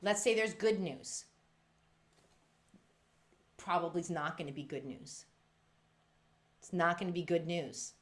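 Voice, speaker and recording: A woman presenting a workshop for music teachers, talking in a lively, emphatic way and acting out quotes with big jumps in pitch. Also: a little slow, pauses often.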